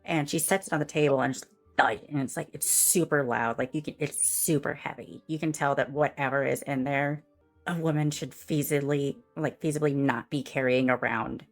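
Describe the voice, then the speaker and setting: A woman player narrates her character's actions in an easygoing, chatty way, full of fillers. Her voice sits a little low, and faint music plays behind her. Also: fairly even intonation, normal speed. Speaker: player and streamer. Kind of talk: casual tabletop game narration.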